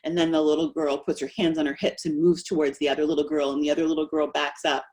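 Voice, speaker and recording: A middle-aged woman, a speech-language pathologist, giving an animated webinar presentation. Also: sits low, fast talker. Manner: animated, acts out quoted voices.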